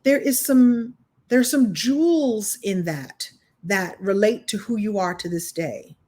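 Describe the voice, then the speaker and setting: A middle-aged woman leads an online writing masterclass. Her voice sits in a middle register, and her delivery is expressive and conversational. She restarts her sentences often while telling stories. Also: mid-range voice, unhurried. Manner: expressive, chatty storyteller with frequent restarts. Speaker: writing coach.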